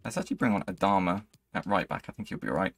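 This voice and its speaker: Young man, husky low voice, excitable gameplay commentary, hyped one moment and grumbling the next. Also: racing, dry recording. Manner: excitable, swings between hype and frustration. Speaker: gaming channel host.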